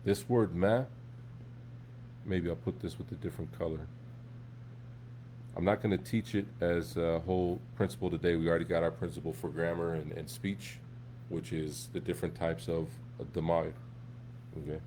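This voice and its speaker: A man teaching an Arabic class in a relaxed, conversational way, often checking in with his students. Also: sits low, moderate pace, pauses often, a little hiss or hum. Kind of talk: live classroom lesson.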